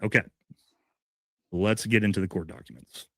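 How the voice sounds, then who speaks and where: A man's voice: on the low side, moderate pace, fairly bright tone, no echo. Indignant man, dry close sound. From United States. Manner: indignant, emphatic, addresses viewers directly. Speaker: podcast host. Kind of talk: live podcast commentary.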